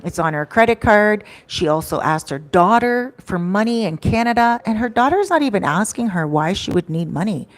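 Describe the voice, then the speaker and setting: A woman's voice: mid-range voice, lively intonation, moderate pace, hardly any pauses. A woman telling a story to camera in a chatty vlog, acting out what people said, into a microphone. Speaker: storytime vlogger.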